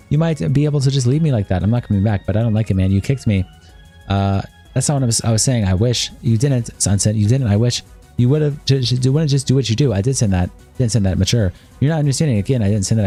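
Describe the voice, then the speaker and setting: A man streaming live, reading out both sides of a long text-message argument in a flat reading voice. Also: medium pitch, breathy edge.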